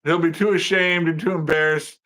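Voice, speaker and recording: A man's voice: on the high side, steady tone, brisk, fairly bright tone, poor audio. A man co-hosting a political talk show, making his points emphatically and ending them with "right?". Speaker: podcast co-host.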